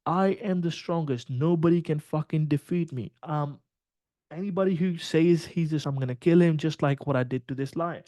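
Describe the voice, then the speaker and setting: A man's voice: fairly high pitch, normal speed, mellow, no echo, clean studio sound, close to an everyday voice. A man voicing a cocky bragging chicken. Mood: shouting threats. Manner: brash bragging, cursing. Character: cocky boastful male chicken fighter.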